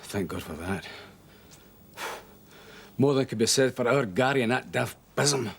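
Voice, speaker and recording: An actor playing a stern older Scottish father in a TV soap, speaking in a gruff, blunt, scolding way. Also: mid-range voice, animated, a little slow, heavily acted. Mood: exasperated. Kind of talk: TV soap drama.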